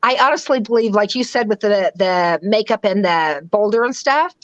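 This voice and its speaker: A woman's voice: medium pitch, animated, moderate pace, no echo, muffled recording. A woman from the western United States, a guest in a casual interview, talking animatedly, acting out her own inner voice and laughing easily. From western United States (Utah, Idaho).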